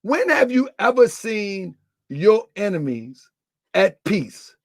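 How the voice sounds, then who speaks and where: Loud high-pitched man teasing on stream. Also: very animated, slow, dry recording, studio quality. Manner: loud, laughing, teasing, repeats himself. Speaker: livestream host. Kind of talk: live stream commentary.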